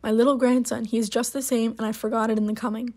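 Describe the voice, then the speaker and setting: A woman's voice: fairly high pitch, flat delivery, darkish tone. A woman reading as a solemn, dignified old countrywoman. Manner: dialect speech, slow and stiff. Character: elderly rural woman, solemn, dignified, proud.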